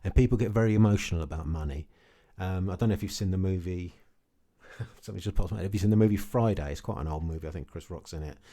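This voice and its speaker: A man's voice: deep voice, fast, dark tone. A man ranting casually to camera about his investments, blunt and repetitive, often tagging his points with "okay". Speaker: crypto vlogger.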